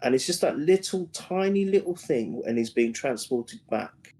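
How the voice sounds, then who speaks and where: A man co-hosting a casual discussion stream, talking eagerly with a husky voice and often repeating words as he starts over. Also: medium pitch, animated, moderate pace, warm tone. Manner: enthusiastic, repeats words as he restarts.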